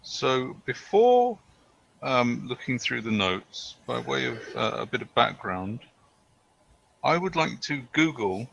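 Bright-voiced man reading a story aloud. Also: mid-range voice, sing-song, takes it slowly, creaky. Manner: hesitant in chat, punchy when reading. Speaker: tabletop game player. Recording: dull lo-fi recording.

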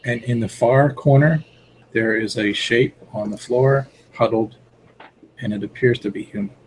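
A man's voice: medium pitch, measured pace, slight background noise, rough recording. Hesitant man narrating as game master. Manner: hesitant, descriptive, many fillers. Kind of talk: narrating a tabletop horror game.

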